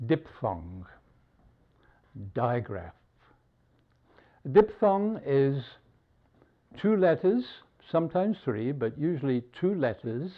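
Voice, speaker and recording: Slow, lively-voiced man teaching spelling. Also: mid-range voice. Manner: slow, deliberate, pausing between words. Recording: dull lo-fi recording.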